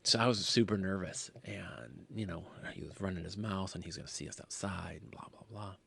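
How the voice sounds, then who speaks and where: A man hosting his own podcast, telling a rambling story casually and often dropping to a hushed near-whisper. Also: sits low, moderate pace, creaky, husky. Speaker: podcast host.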